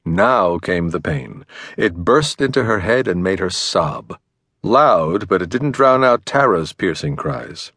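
A man narrating a thriller audiobook with a dramatic, expressive reading. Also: sits low, slow, slightly rough, dry recording. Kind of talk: scripted narration. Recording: dry studio recording.

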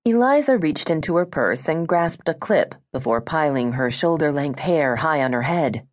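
A woman narrating a romance audiobook in a smooth, measured storytelling manner. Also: low voice.

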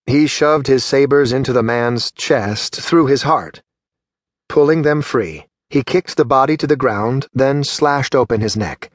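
A man's voice: mid-range voice, no echo. Man narrating a fantasy audiobook, dry voice. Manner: measured, steady storytelling. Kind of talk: scripted narration.

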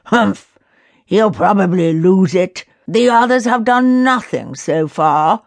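Woman voicing a grumpy storybook council elder, stubborn and scornful, unhurried. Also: fairly low pitch, gravelly, darkish tone, no room sound, exaggerated voice. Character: stern doubtful elder of a magic council.

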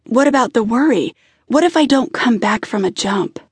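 A woman narrator voicing Chance, a steady and reassuring male firefighter. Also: fairly high pitch, moderate pace, husky, no echo. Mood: playful.

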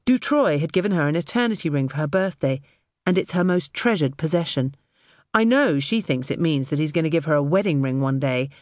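A woman narrating an audiobook in the first person with expressive storytelling. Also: low voice, dry recording, studio quality.

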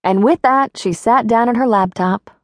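A woman narrating an audiobook in an expressive, wry storytelling manner. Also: a little high, normal speed, no room sound, clean studio sound. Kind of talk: scripted narration.

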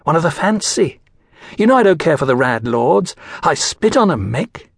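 A man's voice: fairly high pitch, big pitch swings, moderate pace, vocal fry, husky, no echo, studio quality, voice pushed up, heavily acted. A man voicing a young streetwise working girl, bold and wary, with coaxing slangy talk. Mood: scornful.

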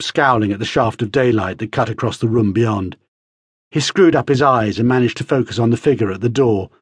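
A man reading an audiobook aloud in measured, vivid storytelling narration on a close studio mic. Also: mid-range voice, breathy edge, no echo. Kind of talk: scripted narration.

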